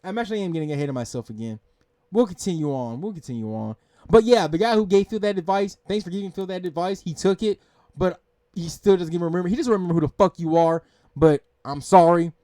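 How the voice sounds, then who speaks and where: A man's voice: high-pitched, fast talker, warm tone, no echo, clean studio sound. A man hosting a reaction video, ranting in exasperation, swearing and repeating himself. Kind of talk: angry rant commentary.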